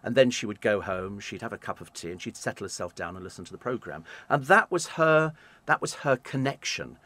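Male radio host, animated anecdote teller, very expressive pitch. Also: fairly quick. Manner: animated anecdotes, acts out quoted voices. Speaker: radio presenter. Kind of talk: storytelling in an interview.

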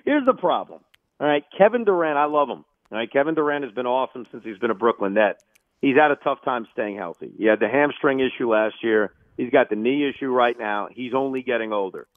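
A man's voice: on the high side, no room sound. Emphatic man on a tinny phone line. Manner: emphatic, opinionated, animated bursts. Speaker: sports radio host, guest. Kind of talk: sports radio interview.

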